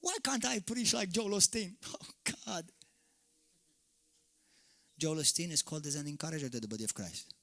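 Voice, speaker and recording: A man from Malta preaching a fiery sermon as pastor, swinging from shouted peaks to sudden quiet drops. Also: on the high side, moderate pace, pauses often. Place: church hall.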